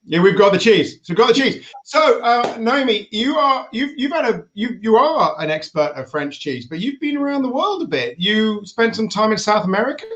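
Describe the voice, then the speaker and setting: A man with a high voice hosts a casual stream. He is chatty and playful, and he teases and jokes as he talks. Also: lively intonation, moderate pace, hardly any pauses, a bit bright. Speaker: host. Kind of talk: casual live-stream chat.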